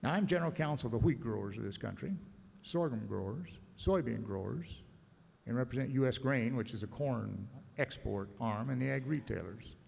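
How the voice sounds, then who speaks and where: A man's voice: mid-range voice, animated, moderate pace, creaky, darkish tone, slightly rough. A man, an agricultural lawyer, giving a blunt, combative, sardonic conference speech to a room of listeners. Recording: reverberant conference hall.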